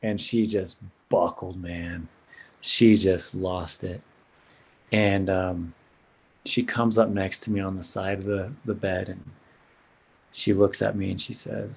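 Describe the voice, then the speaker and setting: A man's voice: low voice, little pitch movement, takes it slowly, gravelly, husky. A man sharing an earnest personal story as a podcast guest, in a casual way with lots of "man" and "bro".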